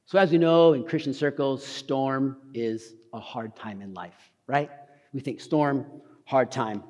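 A man preaching a casual, animated sermon, talking fast and tossing in slang. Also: mid-range voice, big-room sound. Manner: talks fast. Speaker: pastor. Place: church hall.

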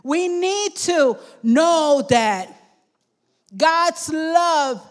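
A woman preaching a sermon with fervor, often calling out to her congregation and at times shouting. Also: high-pitched, expressive, extremely slow. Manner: fervent, calls out "come on" and "amen" to the congregation, sometimes shouting.

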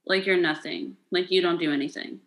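A young American woman co-hosting a casual chat, playful and joking, swearing freely, with sudden high-pitched outbursts. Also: steady tone, fairly quick, fairly bright tone, low-quality recording. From United States. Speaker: podcast co-host.

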